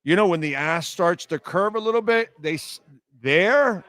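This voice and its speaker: A man's voice: sits high, animated, a little slow, a bit bright. A man hosting a sports radio show, rambling through a profane story and reading chat comments. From Miami. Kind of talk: casual live-stream chat.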